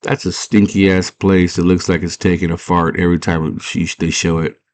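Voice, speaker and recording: A man's voice: deep voice, level tone, brisk, a little mellow, no echo. A man casually retelling a movie plot, rambling and full of filler words. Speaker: storyteller.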